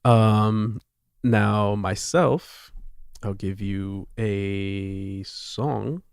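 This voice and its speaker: A man co-hosting a podcast in loose, easygoing banter. His voice is low with a strong gravelly fry, and it is recorded dry and close. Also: drawn-out words, dry recording. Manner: laughs easily, relaxed banter. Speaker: podcast co-host. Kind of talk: casual chat.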